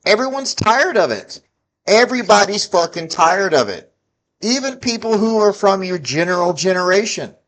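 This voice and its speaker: A man's voice: sits high, big pitch swings, normal speed, a bit bright. A man in his forties ranting about politics, heated and profane, scolding his listeners. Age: 40s. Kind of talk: angry political rant to camera.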